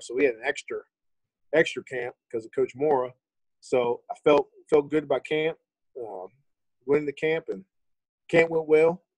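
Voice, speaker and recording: Appearing as a podcast guest, a former professional running back from the United States, in his thirties, recounts his life casually and openly. He curses freely and reenacts old conversations in a mid-range voice, and the audio is poor with no room sound.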